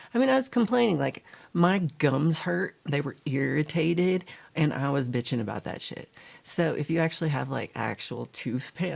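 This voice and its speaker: A woman's voice: deep voice, vocal fry, a little mellow, husky. A woman hosting a casual livestream chat, rambling and reading viewer comments aloud, a little tired and sluggish. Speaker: livestream host.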